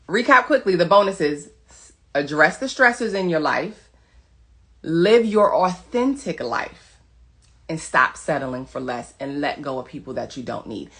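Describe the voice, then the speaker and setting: A woman's voice: lowish voice, fairly bright tone. A woman wellness coach giving an emphatic, preachy motivational monologue to her followers, repeating short commands. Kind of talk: motivational social media monologue.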